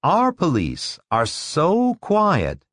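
A self-assured school director holds forth to a room of children in a slow, sweeping, sing-song manner that climbs high on its key words, as a storyteller puts him on. His voice is dry and close, with no room around it. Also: huge pitch swings, a bit bright, no echo, exaggerated voice. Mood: coaxing, playful. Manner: declamatory, lecturing. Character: confident male school director lecturing children.

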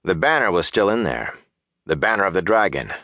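A man's voice: sits low, sing-song, fairly quick, sharp tone, dry recording. Diepe, droge vertellersstem van een man. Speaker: audiobook narrator. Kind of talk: scripted fantasy narration.

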